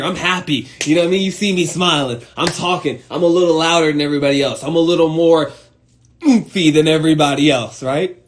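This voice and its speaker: A man hosting a casual live talk to his viewers, swearing freely and speaking with emphatic, direct energy. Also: on the high side. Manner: profane, animated, emphatic, talks to viewers directly. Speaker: host of an Instagram live talk. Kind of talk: casual motivational rant. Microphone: phone.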